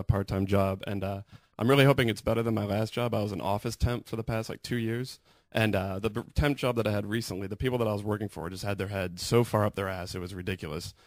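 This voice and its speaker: A young man performing a deadpan stand-up set live in a radio studio, slipping into higher voices to act out coworkers. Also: no echo. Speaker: stand-up comedian.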